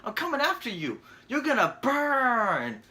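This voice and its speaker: A squeaky, sing-song wrestler taunting his rival with spooky threats, as a man puts him on. The voice jumps far above the speaker's own and lands with a bright, sharp edge. It is a mocking take, pushed high and a little loud. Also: huge pitch swings, a little slow, full character voice.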